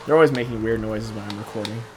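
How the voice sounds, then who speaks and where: A man's voice: lowish voice, quick pace, background noise. A young man giving rambling, casual commentary over a racing game he hosts, often laughing between thoughts. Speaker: gaming channel host.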